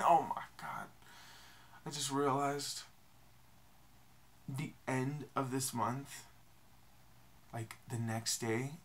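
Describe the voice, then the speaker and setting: Gravelly young man rambling to camera. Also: mid-range voice, a bit bright. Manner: rambling, self-deprecating, many fillers. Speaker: vlogger. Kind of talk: casual confessional vlog.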